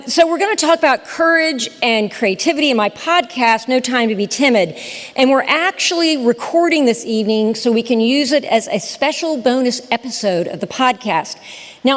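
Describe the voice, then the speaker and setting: A woman in her 60s from the Southern United States, with a voice on the high side, tells her story to a live audience in a lecture hall. A storyteller and podcast host, she is lively and chatty and speaks straight to the crowd, and the hall is reverberant.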